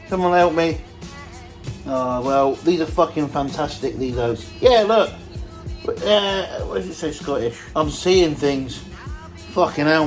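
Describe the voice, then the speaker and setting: A young British fitness coach with a mid-range voice chats casually and energetically through a day-in-the-life vlog, swearing freely along the way.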